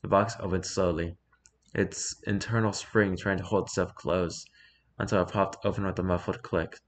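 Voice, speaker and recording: A man with a lowish voice narrating a story aloud. His reading is calm and measured, letting the sentences settle. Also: slight background noise.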